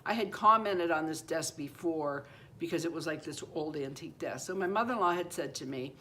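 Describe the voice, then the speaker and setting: Fairly quick, bright and forceful, her low voice comes through with a little hiss or hum. She's in her seventies and hosts her own channel, rambling through a true personal story to camera and looping back with "anyway" and "you know."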